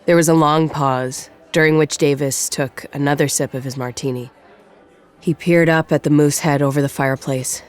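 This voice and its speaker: A narrator reading a novel in a measured storytelling manner. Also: mid-range voice, steady tone. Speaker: audiobook narrator. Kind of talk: scripted narration.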